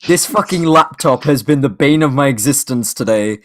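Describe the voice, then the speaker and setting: A young Welsh man, a guest podcaster, rambling and swearing in casual banter, quick to laugh. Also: mid-range voice. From Wales.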